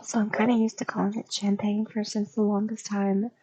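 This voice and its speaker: A young woman streamer rambling casually in an ASMR style, soft and drifting into whispers, with a slight stutter. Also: medium pitch, little pitch movement, brisk, slight background noise, poor audio.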